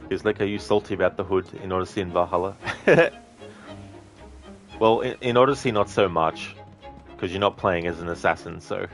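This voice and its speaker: A man's voice: low-pitched, normal speed, faint music behind. A young Australian man with an Australian accent, casually commentating a game and answering chat, blunt and profane. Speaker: gaming streamer.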